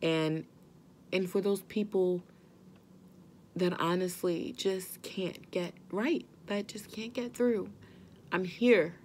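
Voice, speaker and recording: A mother vlogging straight to her viewers, earnest and gentle, reassuring them that they are not alone. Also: lowish voice, fairly even intonation, slow pace, pauses often, slight background noise. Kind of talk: heartfelt direct-to-camera talk.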